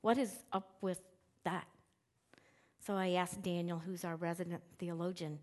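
A woman's voice: fairly low pitch, measured pace, long pauses. A middle-aged woman preaching a sermon in a church, talking casually to the congregation and acting out the quotes she reads. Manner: conversational and animated, acts out quotes with shifting emphasis. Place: church sanctuary with screens.

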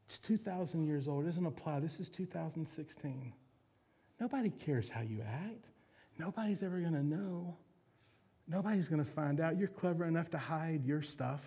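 A sly, whispering tempter's voice that coaxes and urges, a preacher putting it on, a little higher than his usual talk. It sounds husky and gravelly, soft and hushed. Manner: wheedling, soft, urging. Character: sly coaxing male inner voice of temptation.

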